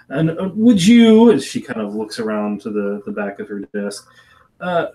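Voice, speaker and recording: Mężczyzna grający uprzejmą szlachciankę. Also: male voice, mid-range voice, darkish tone, pitched above the performer's own voice, low-quality recording. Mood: concerned. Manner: gracious, rambling, hesitant. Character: polite noblewoman at her desk.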